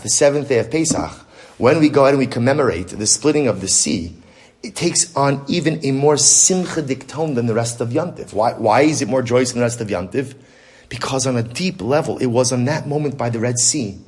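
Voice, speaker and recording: A male rabbi giving an animated religious lecture, full of rhetorical questions. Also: medium pitch, fairly quick.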